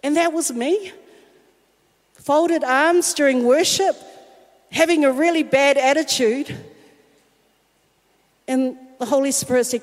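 A woman giving a personal testimony sermon, telling her story in a lively way and acting out the voices she quotes. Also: sits high, takes it slowly, pauses often. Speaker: worship singer and speaker. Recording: long reverb of a large hall.

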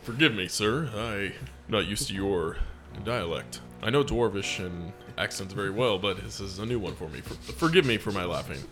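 A man's voice: fairly low pitch, expressive, moderate pace, music in the background, voice pushed down, close to an everyday voice. A man voicing a polite, formal male adventurer in a tabletop role-play. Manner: courteous, formal phrasing.

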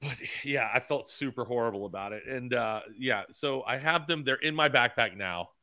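A man's voice: mid-range voice, normal speed, pushed and bright, dry recording. A man co-hosting a casual podcast, telling rambling stories and acting out what people said, with stammers and restarts. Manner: rambling storyteller, acts out quotes with stammers. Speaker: podcast co-host.

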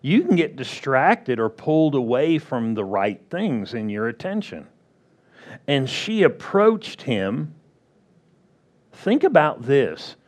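Slow-preaching man pastor. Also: mid-range voice, very animated. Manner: slow, drawn-out delivery with playful acted-out quotes. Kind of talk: sermon.

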